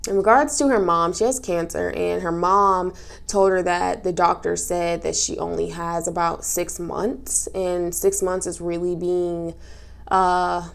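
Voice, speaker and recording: A woman's voice: lowish voice, steady tone, unhurried, gravelly. A woman chatting casually as she recaps a reality show, emotional and sniffling through tears, with lots of fillers and restarts. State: tearful, sniffling. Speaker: recap vlogger.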